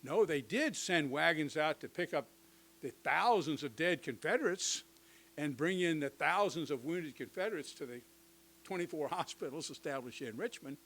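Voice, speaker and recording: An older man giving a conversational history lecture to teachers, with lively asides and touches of humor. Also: a little high, normal speed, poor audio. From United States.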